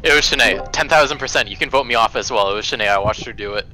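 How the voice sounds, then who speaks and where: A man's voice: medium pitch, racing, over music, low-quality recording. A man in casual gaming voice chat, teasing and leading the discussion.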